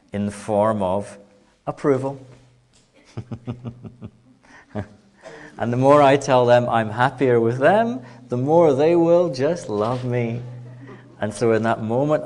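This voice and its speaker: Middle-aged guy lecturing, playful storyteller, average pitch, acts out little voices now and then. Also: darkish tone. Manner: playful storytelling, acts out child and adult voices, laughs often. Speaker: speaker giving a public talk. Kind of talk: spiritual lecture to a live audience. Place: lecture hall.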